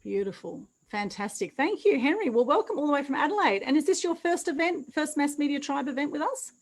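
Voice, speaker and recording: A woman's voice: high-pitched, expressive, brisk, rough recording. A woman hosting an online meetup over a video call, upbeat and effusive, full of praise for each guest. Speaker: meetup host.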